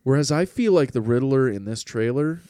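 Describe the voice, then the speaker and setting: A man's voice: mid-range voice, expressive, moderate pace, mellow, clear, resonant tone, no echo, clean studio sound. A man chatting casually as a podcast co-host, swearing freely as he talks. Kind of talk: casual chat.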